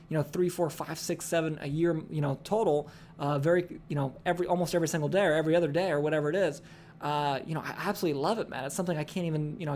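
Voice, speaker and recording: A man's voice: on the high side, slight background noise. A young man giving a casual sales training talk, rambling with lots of fillers and frequent "okay?" check-ins. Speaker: course instructor.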